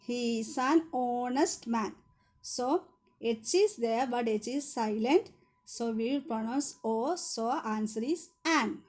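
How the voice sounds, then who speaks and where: Slow high-voiced woman teacher. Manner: slow, repetitive, spells out each rule. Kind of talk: classroom grammar lesson.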